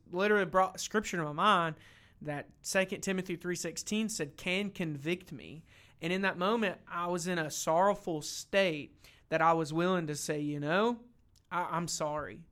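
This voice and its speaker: A man's voice: high-pitched, a bit bright. A young man talking earnestly about faith in a casual discussion, emotional and full of restarts. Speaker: lay preacher.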